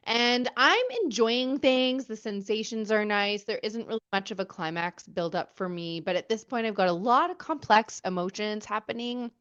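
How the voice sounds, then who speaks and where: A woman's voice: mid-range voice, a bit bright, smooth, lo-fi sound. A woman in her thirties hosting a personal podcast, telling her story candidly and reflectively with frequent fillers. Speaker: podcast host.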